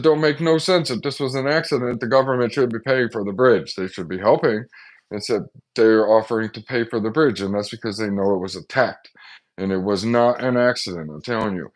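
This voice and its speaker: A man talking casually and agitatedly to his viewers in a one-man vlog, often acting out the voices of others. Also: on the low side. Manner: agitated, acts out quoted voices, excitable. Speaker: vlogger. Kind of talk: casual monologue to camera.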